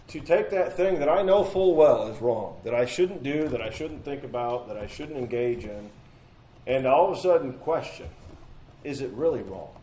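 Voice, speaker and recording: Mellow-voiced man teaching a Bible study. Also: fairly high pitch, roomy sound, low-quality recording. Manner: earnest, repeats phrases, asks rhetorical questions. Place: church meeting room.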